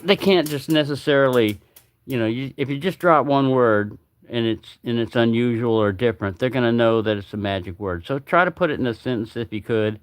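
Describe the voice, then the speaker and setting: A man's voice: medium pitch, brisk, no echo. A man hosting a casual livestream, chatting in a rambling way and often repeating himself. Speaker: knife channel host.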